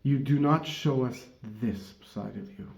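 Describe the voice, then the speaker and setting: A man's voice: mid-range voice, a little slow, vocal fry, a little mellow. A man doing a blunt, burly Scotsman. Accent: put-on Scottish. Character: big strong blunt Scottish man. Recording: dull, roomy recording.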